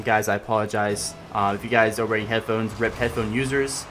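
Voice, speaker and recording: A young man giving casual gameplay commentary as he plays, excitable and swinging between loud yelling and mumbled asides. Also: lowish voice, a little fast, few pauses, soft background music. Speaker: gaming commentator.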